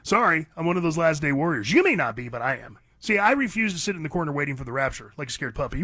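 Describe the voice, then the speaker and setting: A man hosting a call-in talk radio show, delivering a fiery, preachy opinion monologue that rises to near-shouts. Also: a little high, big pitch swings, quick pace, few pauses, no room sound, studio quality.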